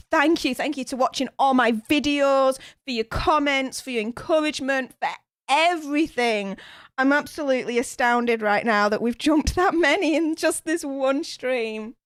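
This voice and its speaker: A woman's voice: high voice, clear, resonant tone, dry recording, clean studio sound. A woman with a Northern English accent hosting a live stream from a home room, chatting and gushing with thanks, full of fillers. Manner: gushing, excitable, many fillers. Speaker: livestream host. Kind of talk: live reaction stream chat.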